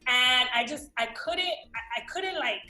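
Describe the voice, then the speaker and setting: A woman with a slight New York-tinged American accent, a guest actress telling a story in a casual interview, animated, swearing freely and acting out the voices of people she quotes. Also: high voice, a little slow. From Miami, USA. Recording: roomy echo with faint music.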